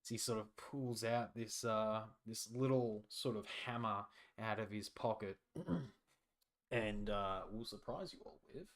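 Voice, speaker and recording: A man's voice: on the low side, measured pace. A man narrating a tabletop game as game master, talking loosely with many fillers. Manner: hesitant, loose, lots of fillers.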